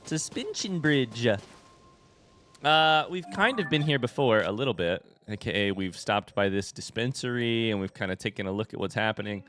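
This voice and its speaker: Man, let's play host, gameplay commentary, very animated pitch, faint game music behind. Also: a little fast, few pauses. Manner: excitable, animated, self-mocking.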